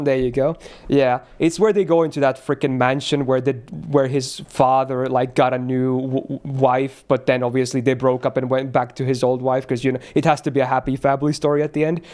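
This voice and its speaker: A young man streaming a game, chatting casually in a rambling, excitable way and swearing freely. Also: mid-range voice.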